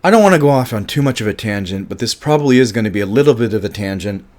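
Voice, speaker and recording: A man's voice: on the low side, expressive, rapid-fire, darkish tone. A man giving a casual film review monologue, emphatic and passionate, swearing often and restarting his sentences.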